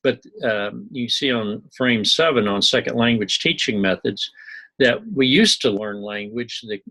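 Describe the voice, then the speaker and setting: Rambling professor with a husky, bright voice. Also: male voice, medium pitch, measured pace, low-quality recording. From Missouri. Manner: rambling, folksy, digressive with asides and small jokes. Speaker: university instructor. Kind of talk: recorded lecture commentary.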